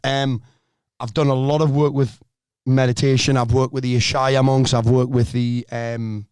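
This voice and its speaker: A middle-aged man, a life coach on a podcast, talking in a blunt, energetic way and swearing freely. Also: mid-range voice, moderate pace, smooth, no echo. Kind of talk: casual podcast conversation.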